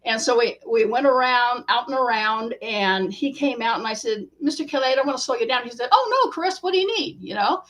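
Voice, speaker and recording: A woman author, a guest in an interview, telling a story in a casual, animated way and acting out the quotes. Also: on the high side, a little fast, hardly any pauses.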